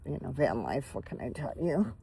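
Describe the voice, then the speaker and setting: A tired woman talks casually into her phone from inside her van. Her voice sits low and she rambles warmly between thoughts. A faint hiss of noise runs underneath. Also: very animated, normal speed, creaky, rough recording. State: tired, coughing. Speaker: van life vlogger. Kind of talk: casual vlog chat. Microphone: phone camera.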